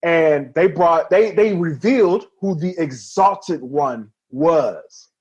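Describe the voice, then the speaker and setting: A man's voice: on the high side, slow, slightly rough, highs cut off. A man co-hosting a wrestling podcast in casual chat, telling stories animatedly and acting out quotes. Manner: animated storyteller, acts out quotes, laughs often. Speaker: podcast co-host.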